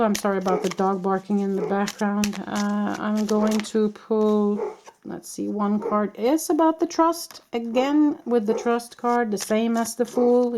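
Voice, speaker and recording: A woman giving a tarot reading to her viewers, talking in a reassuring, meandering way with many pauses. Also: medium pitch, background noise. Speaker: tarot reader.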